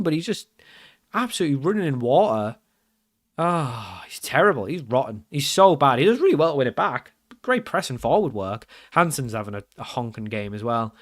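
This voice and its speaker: A man giving live commentary over his own football management game, frustrated and grumbling, then suddenly loud. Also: mid-range voice, moderate pace. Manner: excitable, swings from frustrated grumbling to loud outbursts. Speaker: gaming commentator.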